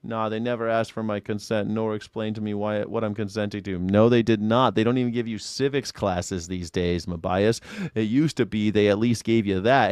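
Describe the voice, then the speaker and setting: A man's voice: fairly low pitch, steady tone, moderate pace, darkish tone, smooth, no echo, studio quality. A man hosting a call-in livestream, talking back to chat in a blunt, sarcastic, casual way. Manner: drops into a mock-tough swagger when teased. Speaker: streamer hosting a call-in show.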